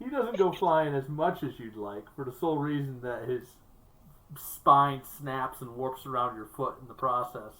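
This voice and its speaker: Low-voiced woman running a tabletop game. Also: normal speed, rough recording. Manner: laughs often, relaxed with fillers. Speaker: game master.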